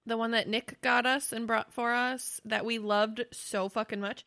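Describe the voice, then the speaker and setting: A young woman co-hosting a podcast in casual chat, her voice bright and a little high. She swears freely and laughs a lot, wearing her feelings openly. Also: fairly even intonation, unhurried. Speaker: podcast co-host.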